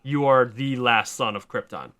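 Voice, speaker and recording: A man voicing a ship's helper robot in a low, matter-of-fact tone. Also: moderate pace, pushed and bright, close to an everyday voice.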